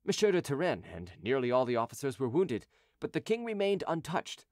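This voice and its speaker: In a dry, clean studio recording, a man reads an audiobook from a script. His mid-range voice carries a steady, measured narration.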